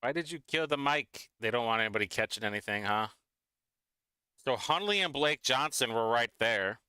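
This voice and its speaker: A man's voice: medium pitch, animated, normal speed, bright, forceful tone, smooth, no echo. A man hosting a casual live watch-along stream, talking in a chatty, mocking, rambling way.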